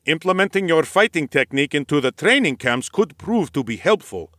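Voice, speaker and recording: A man's voice: fairly high pitch, sing-song, brisk, bright, forceful tone, no room sound, studio quality, exaggerated voice. A man voicing a cheerful male noble warrior who loves battle, speaking in a formal, eager, courtly way in an audiobook. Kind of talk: audiobook character voice.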